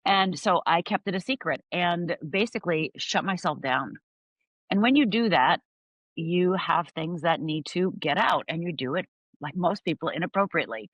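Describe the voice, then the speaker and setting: A woman's voice: lowish voice, lively intonation, normal speed, dry recording, muffled recording. A middle-aged woman from Upper Michigan telling her life story as a guest, acting out voices and moments vividly.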